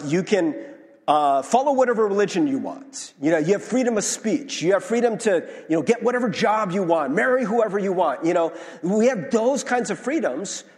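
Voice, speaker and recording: Lively, animated male pastor in a reverberant hall. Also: sits high. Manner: conversational, self-deprecating, acts out quoted reactions. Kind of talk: sermon.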